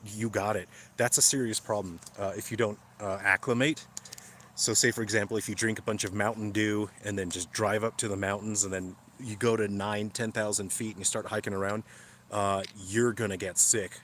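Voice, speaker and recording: A man with a lowish voice chats casually on a livestream from his outdoor campsite high in the mountains, out of breath and huffing between phrases. A faint outdoor hiss sits behind his voice, picked up by a handheld camera or phone. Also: a bit bright. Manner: huffing and puffing from thin mountain air.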